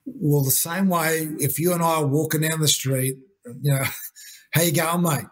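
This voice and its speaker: A man's voice: fairly high pitch, steady tone, a little slow. A man, a guest coach talking earnestly in an interview, often saying "you know" and "mate". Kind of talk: conversational interview talk.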